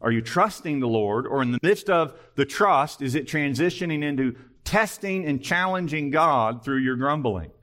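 A man's voice: fairly high pitch, lively intonation, normal speed, hardly any pauses, a bit bright. A male pastor preaching an earnest sermon, full of pointed rhetorical questions.

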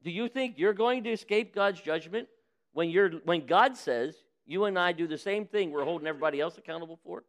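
Pastor preaching with a clear, fairly high voice. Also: male voice, brisk. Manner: preaching with acted-out quotes of sinners and God; folksy direct address to the congregation. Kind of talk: sermon.

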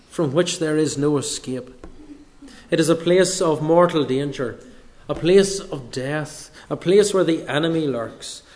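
A man delivering a sermon at an unhurried, deliberate pace. His voice sits a little higher than most men's, and he leans on pauses for weight. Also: darkish tone. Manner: slow, measured delivery with dramatic pauses. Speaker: preacher.

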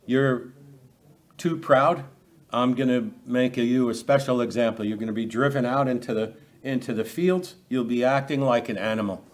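A pastor with a medium-pitched voice delivers an expository sermon in a conversational style. He asks rhetorical questions, acts out quotes, and often repeats words when restarting phrases.

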